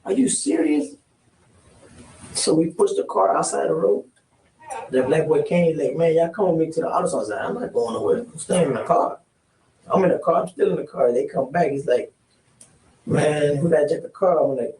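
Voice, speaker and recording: A man's voice: a little high, moderate pace, darkish tone. A man recounting past events under questioning, acting out the quoted exchanges in casual street slang. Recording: roomy, distant mic, faint hiss.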